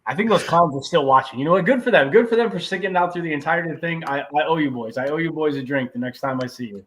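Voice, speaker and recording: A man's voice: on the high side, fast talker, a bit bright. A man chatting casually as a podcast guest, laid-back and enthusiastic. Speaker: podcast guest, racer and shop owner. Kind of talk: casual chat.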